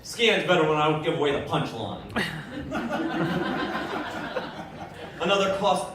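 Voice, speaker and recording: A man delivers a stand-up set in a deadpan, offhand way. His voice sits fairly high, and his pace is slow and unhurried. He sounds far from the mic in a very echoey room. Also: a crowd in the background. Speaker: stand-up comedian. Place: live comedy venue.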